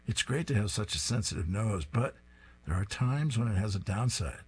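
A long-suffering pet dog thinks aloud with a dry, wry air, as a man reading a comic strip puts him on. The voice is low and a little husky, close to a studio mic. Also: expressive, moderate pace, heavily acted.

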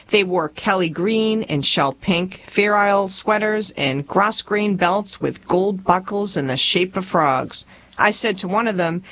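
A woman in her forties from rural Tennessee reads her own memoir aloud in a Southern accent, telling it in a folksy, humorous way. Her voice is mid-range and a bit bright.

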